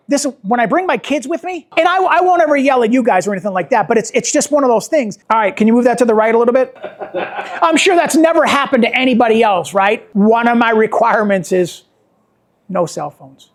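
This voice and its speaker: A middle-aged man, a wedding photographer, teaching a workshop in an informal, rambling way, repeating words for emphasis. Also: very high-pitched. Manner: rambling with many restarts.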